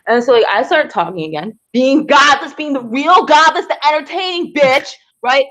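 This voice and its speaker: High, swooping, combative woman. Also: animated, moderate pace, muffled recording. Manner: combative, profane, shouting people down. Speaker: livestream debate guest. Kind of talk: heated livestream argument.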